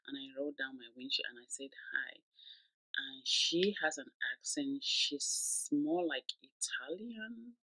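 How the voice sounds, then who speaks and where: A woman's voice: low-pitched, bright, forceful tone, dry recording, low-quality recording. A woman telling a dramatic storytime tale to her viewers, chatty and sometimes dropping to a whisper. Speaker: vlogger. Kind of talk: storytime vlog.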